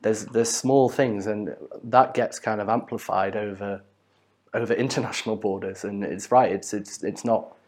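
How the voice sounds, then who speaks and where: A man's voice: lowish voice, fairly even intonation, moderate pace, darkish tone. A man, chatting casually as a co-host, hedging and repeating himself as he goes. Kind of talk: casual business chat.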